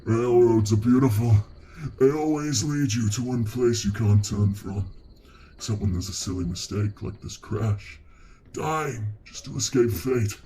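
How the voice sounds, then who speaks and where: An actor playing a cryptic masked man in a video game, cold and ominous, speaking in a low, measured voice. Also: dark tone, a little hiss or hum, lightly acted. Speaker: game character.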